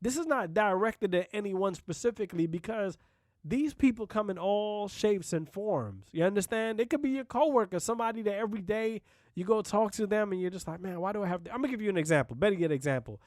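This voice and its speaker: A man's voice: high voice, animated, fairly quick, a little mellow, dry recording, studio quality. A man hosting a solo podcast, talking bluntly and casually, with profanity and frequent "you know what I mean" asides. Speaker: podcast host.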